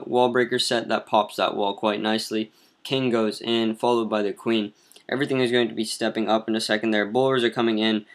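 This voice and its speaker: A man casually narrating replays of mobile game attacks as clan leader, with lots of ums and restarts. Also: mid-range voice. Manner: relaxed, filler-heavy, self-correcting. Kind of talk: casual gameplay commentary.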